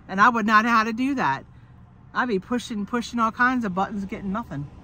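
Her voice runs on the high side, fairly quick, pushed and bright. Sick and coughing, she records a car vlog on her phone, bantering to camera with frequent swearing and laughter.

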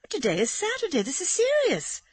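A woman's voice: medium pitch, very animated, moderate pace, slightly rough, dry recording, voice pushed up. A woman voicing an anxious, proper English lady who exclaims in earnest dismay.

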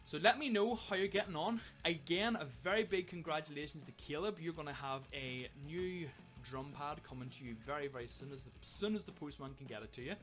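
A man's voice: on the high side, a little fast, few pauses, a bit bright, soft background music. A young man, a drum teacher giving a casual, jokey video lesson for children. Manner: jokey, upbeat, self-mocking.

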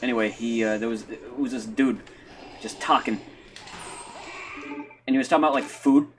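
A man live streaming a game, rambling through a story in a casual chat with restarts and sudden loud, high exclamations. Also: steady tone, moderate pace. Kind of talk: casual chat while gaming.

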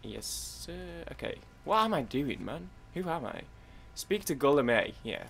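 Brief: young male gaming host, chatty rambling commentary, mid-pitched, stumbles over words. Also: sing-song, normal speed, vocal fry, fairly bright tone, a little hiss or hum. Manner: rambling, chatty, talking to himself. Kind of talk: gameplay commentary.

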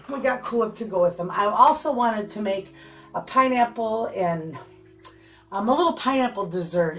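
An older woman vlogging casually from her home kitchen, chatting to her viewers as friends. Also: medium pitch. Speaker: homestead vlogger.

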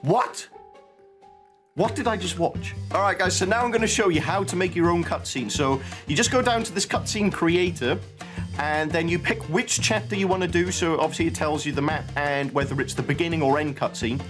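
A man's voice: fairly high pitch, normal speed, music in the background. A man reacting casually to game videos as a YouTuber, playful and laughing often as he reads on-screen dialogue aloud. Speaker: gaming YouTuber.

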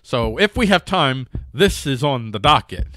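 A man's voice: mid-range voice, sing-song, measured pace, fairly bright tone, no echo, clean studio sound. A man hosting a news commentary show, rambling and jokey with many restarts. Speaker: host.

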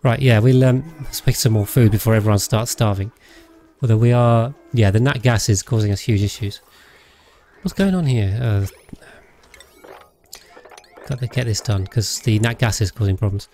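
A man's voice: fairly low pitch, normal speed, warm tone, a little hiss or hum. A man chatting casually on a livestream while playing a game, rambling with frequent hesitations and self-corrections. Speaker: game streamer.

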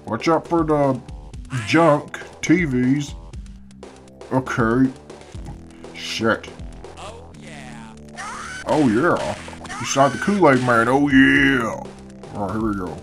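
A man's voice: medium pitch, expressive, takes it slowly, pauses often, fairly bright tone, soft background music. A man doing casual gameplay commentary, swearing constantly and grumbling at the game, half asleep early in the morning. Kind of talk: casual let's-play commentary.

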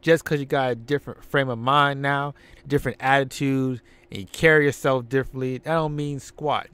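A man voicing an angry male pro wrestler cutting a promo with loud, fired-up trash talk. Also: medium pitch, fairly even intonation, fairly quick, clear, resonant tone, dry recording, natural voice.

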